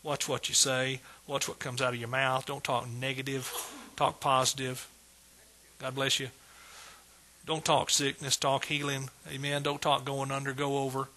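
A man's voice: mid-range voice, monotone, moderate pace, bright, forceful tone, a little hiss or hum. A middle-aged man preaching a sermon with exuberant energy, repeating phrases and calling out praise. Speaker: pastor.

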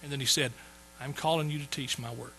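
A man's voice: mid-range voice, fairly even intonation, fairly quick, bright, forceful tone, slight background noise, poor audio. A man in his sixties telling his conversion story in a folksy sermon, repeating phrases for emphasis. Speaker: preacher. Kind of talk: sermon testimony.

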